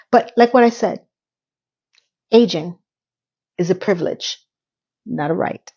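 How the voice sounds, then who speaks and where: A woman's voice: fairly low pitch, a little mellow, highs cut off. A woman vlogger talking candidly and emotionally to her viewers, sometimes close to tears. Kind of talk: personal vlog talk.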